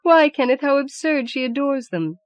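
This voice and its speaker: A woman's voice: high voice, lively intonation, moderate pace, no room sound, pitched above the performer's own voice. A woman reading the lines of an anxious young wife in an audiobook, urgent and coaxing. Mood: insistent.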